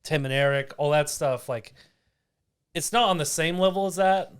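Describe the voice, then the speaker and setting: A young man with a slightly high voice chatting casually as a podcast co-host. He rambles, restarts his sentences and throws in goofy jokes. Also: moderate pace, smooth. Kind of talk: casual chat.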